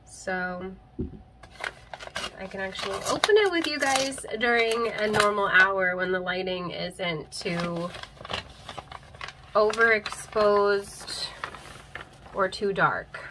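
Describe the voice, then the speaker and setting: A woman's voice: mid-range voice, slow, pauses often, noisy background. A young woman in a casual unboxing vlog, gushing and teary, her voice catching as she laughs and cries over what she unwraps, recorded on a handheld camera. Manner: gushing, emotional, breaks into laughs and tears. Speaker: plant vlogger.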